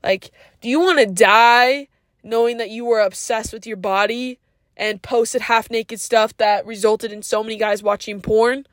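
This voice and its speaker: A woman's voice: a little high, steady tone, a little slow, no room sound, studio quality. A woman hosting a podcast, giving a casual but earnest, preachy monologue full of "like" and slang such as "yo" and "bro". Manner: frequent "like" fillers. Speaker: podcast host.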